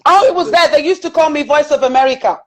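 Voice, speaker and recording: A woman with a British accent telling personal stories as a guest in an interview, animated and chatty, with frequent fillers. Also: high-pitched, quick pace, rough recording.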